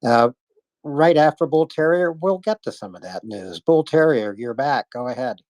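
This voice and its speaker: A man hosting a live audio chat, calling on speakers and summing up news in a halting way with many fillers. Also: mid-range voice, expressive, a little mellow, no echo. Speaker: host.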